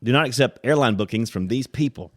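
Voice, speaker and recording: An American man hosts a casual podcast chat. He tells stories with energy and often slips into other people's voices. His voice sits at a middle pitch. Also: fast. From United States. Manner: animated storyteller, acts out voices with loud high-pitched impressions. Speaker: podcast host.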